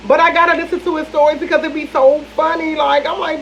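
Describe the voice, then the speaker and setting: Woman vlogger, higher voice, casual storytime gossip, faint hiss on the track. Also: fast. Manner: animated gossip, repeats lines for emphasis, talks to viewers as "y'all". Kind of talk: casual storytime chat to viewers. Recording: dull lo-fi audio with faint noise.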